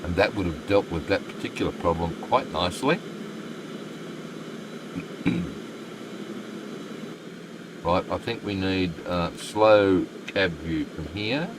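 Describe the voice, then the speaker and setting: Brief: Australian male streamer, deep and slow, casual chatty asides, air conditioning hum behind. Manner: chatty, muttering asides to the game. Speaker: game streamer. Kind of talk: live stream commentary, reading chat.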